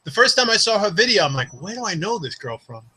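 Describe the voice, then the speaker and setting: Bright-voiced man, joking and animated. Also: sits high, quick pace, slightly rough, rough recording. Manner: joking, animated, playfully dramatic. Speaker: co-host. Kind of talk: casual chat.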